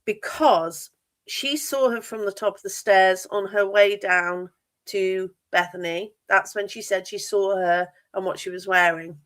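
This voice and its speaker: A woman's voice: mid-range voice, measured pace, fairly bright tone. A woman hosting a livestream about a true crime case, asking pointed, disbelieving questions with emphatic stress. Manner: incredulous, emphatic, asks many questions. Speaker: livestream host. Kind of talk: true crime discussion stream.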